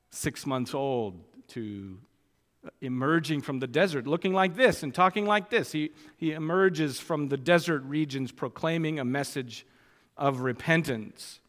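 A man preaching a sermon, speaking deliberately and rising with emphasis when he quotes scripture. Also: medium pitch. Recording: long reverb of a church hall.

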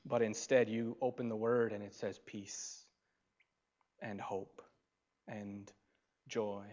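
A man preaching a sermon at an unhurried pace. His delivery swings between loud, emphatic lines and soft, hushed asides. The recording sounds dull and lo-fi. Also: fairly low pitch. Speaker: pastor.

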